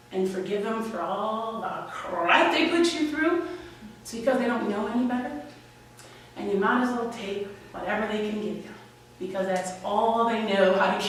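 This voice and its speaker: A woman's voice: mid-range voice, a little hiss or hum. Candid woman telling a story live, echoey. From Washington Heights, New York. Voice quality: candid, wry, emotional. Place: live story slam venue. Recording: echoey room, distant mic, faint ambience.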